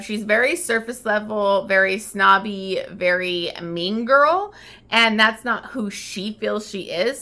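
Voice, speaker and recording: A woman with a bright, clear voice talks through a novel's plot for her vlog. She rambles casually, peppering her sentences with likes and ums, and sits at a middling pitch. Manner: chatty, lots of likes and ums. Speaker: book vlogger. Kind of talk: casual book recap. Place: at home getting ready for work.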